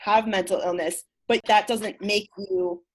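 Woman, interviewer, measured thoughtful questions, casual talk. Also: mid-range voice, fairly even intonation.

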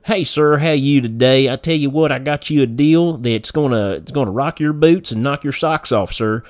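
A man's voice: moderate pace, dry recording, clean studio sound, close to an everyday voice. A man putting on a drawling good-old-boy telemarketer. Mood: folksy salesy. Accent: Kentucky. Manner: drawling, loud sales pitch. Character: folksy good-old-boy male telemarketer, pushy and chummy.

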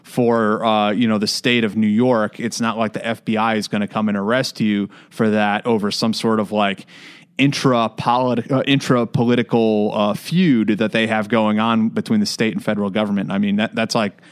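A man's voice: lowish voice, little pitch movement, normal speed, clean tone. A man from the United States talking through a story in casual podcast chat, with frequent fillers and restarts. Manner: conversational, many fillers and restarts.

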